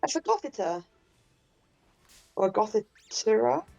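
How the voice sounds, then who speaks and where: A woman's voice: a little high, big pitch swings, a little slow, vocal fry, mellow, highs cut off, soft background music. A woman co-hosting a game stream, playful and teasing, chatting casually and swearing now and then. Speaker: streamer co-host. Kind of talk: casual chat while gaming.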